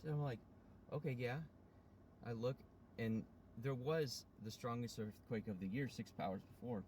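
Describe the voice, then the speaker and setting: Man vlogger, mid-pitch, casual storyteller who swears a lot and keeps circling back, with a faint hum of a vehicle in the background. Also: a little fast. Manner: rambling, profane, many restarts and fillers. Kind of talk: rambling personal storytelling.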